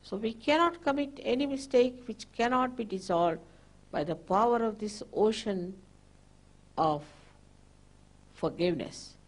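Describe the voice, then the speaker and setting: An older woman, a spiritual teacher, slowly guiding listeners through a meditation with gentle, repeated instructions. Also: medium pitch.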